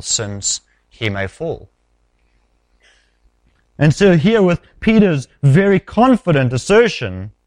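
A man preaching an expository sermon, measured and emphatic, often dropping low at the ends of phrases. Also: no room sound.

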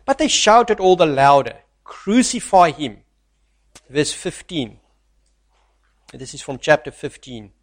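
A man preaching a sermon who reads scripture aloud and swings from loud, stressed lines to soft, near-hushed asides. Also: fairly high pitch, big pitch swings, unhurried.

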